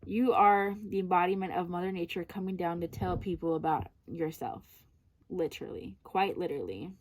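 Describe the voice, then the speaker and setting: A woman's voice: lowish voice, moderate pace, a little mellow. A woman giving a casual personal tarot reading, chatty and effusive, often calling her listener "girl". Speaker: tarot card reader.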